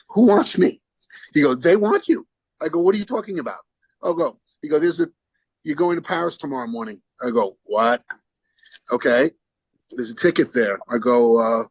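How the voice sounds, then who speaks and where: On a rough recording without echo, a man with a slightly rough mid-range voice appears as a podcast guest musician, rambling animatedly through an anecdote, restarting and acting out quoted voices.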